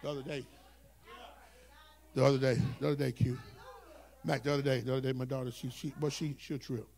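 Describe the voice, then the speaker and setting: A male pastor preaching a sermon, dropping to low storytelling and rising to shouted, whooping calls. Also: flat delivery, brisk, gravelly. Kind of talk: Black Baptist preaching.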